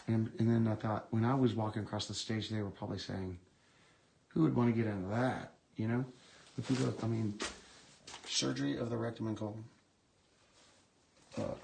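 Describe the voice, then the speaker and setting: A man's voice: lowish voice, steady tone, moderate pace, vocal fry. Awed man murmuring on a noisy phone stream. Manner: musing, reads book titles aloud with hushed awe. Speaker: urban explorer streaming live to viewers. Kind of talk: rambling live-stream chat. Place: inside an abandoned medical building.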